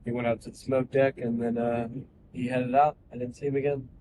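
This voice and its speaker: A bartender telling a laid-back story in casual chat. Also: male voice, medium pitch, little pitch movement, fairly quick, dark tone, a little hiss or hum, low-quality recording.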